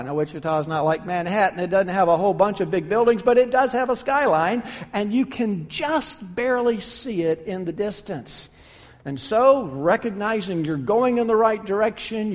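A man preaching a sermon, telling an animated story and acting out the folksy dialogue of its characters. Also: sits high, in a large hall. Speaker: pastor.

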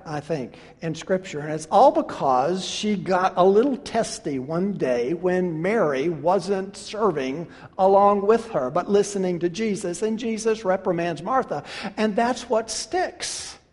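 High-voiced man preaching in a big hall. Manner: emphatic and rhetorical, repeating questions; swings between hushed and loud passages. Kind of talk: sermon. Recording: long reverb of a large hall.

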